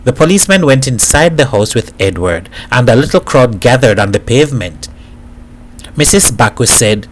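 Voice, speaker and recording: A man from Jamaica reading a novel aloud in steady, even narration. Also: medium pitch, moderate pace, a little hiss or hum. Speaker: reader.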